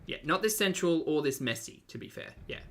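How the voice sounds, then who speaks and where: Reaction host, sarcastic and deadpan, gravelly with a sharp edge. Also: medium pitch, fairly quick, slight background noise. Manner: dry, mocking and sarcastic. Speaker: commentary channel host reacting to videos.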